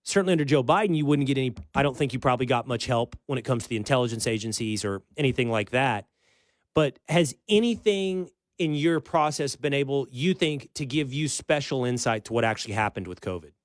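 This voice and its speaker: A man's voice: medium pitch, brisk, no room sound. A man hosting a talk show, chatting in a casual, rambling, wry way. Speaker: show host.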